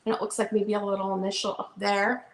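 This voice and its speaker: A woman's voice: mid-range voice, little pitch movement, quick pace. A woman chatting casually as she shows books for a live online sale. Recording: roomy echo.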